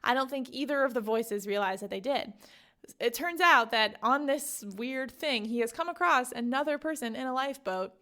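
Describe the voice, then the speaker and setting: A woman's voice: sits high, normal speed, pushed and bright. A young woman hosting a podcast, retelling a novel in a chatty, casual way full of fillers. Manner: chatty, lots of "like", storytelling. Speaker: podcast host. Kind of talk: casual book summary.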